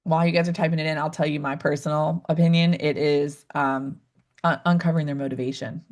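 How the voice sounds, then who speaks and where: A woman coaching new real estate agents in a live online session, addressing viewers directly and acting out client conversations with lively swings in her voice. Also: brisk. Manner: upbeat, acts out client dialogues with big pitch swings; addresses viewers directly, asks them to type in chat.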